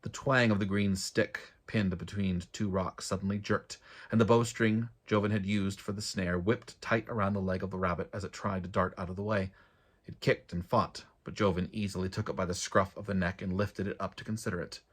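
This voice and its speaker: Deep-voiced man reading fiction aloud. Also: fairly even intonation, fairly quick. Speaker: author. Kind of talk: reading his own fantasy novel aloud.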